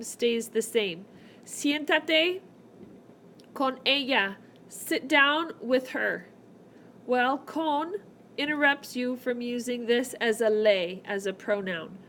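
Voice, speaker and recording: A woman's voice: fairly high pitch, slow pace, a bit bright, a little hiss or hum. A woman teaching a recorded whiteboard lesson, explaining grammar step by step with playful asides. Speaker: Spanish teacher. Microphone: tablet microphone.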